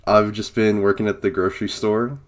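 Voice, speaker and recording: A young man with a cold, co-hosting a casual comedy podcast and joking in a deadpan way. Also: on the low side, brisk. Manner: joking, deadpan, swears a lot. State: has a cold. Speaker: podcast co-host.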